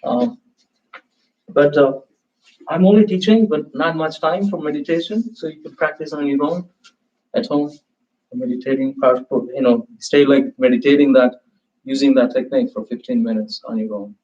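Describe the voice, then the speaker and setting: A man teaching a yoga class, giving slow, soothing cues and softly chanting as he guides a meditation. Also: mid-range voice. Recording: muffled lo-fi sound.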